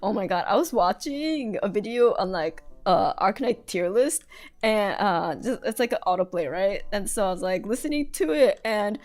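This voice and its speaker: A woman's voice: medium pitch, animated, moderate pace, darkish tone. A young American woman chatting casually on a live stream while she draws, rambling and giggling with lots of fillers.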